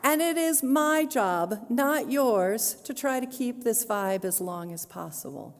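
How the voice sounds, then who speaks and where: A woman minister giving a sermon to her congregation, earnest and pastoral with touches of gentle humor. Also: fairly high pitch, animated, takes it slowly. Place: church sanctuary. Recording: long hall reverb.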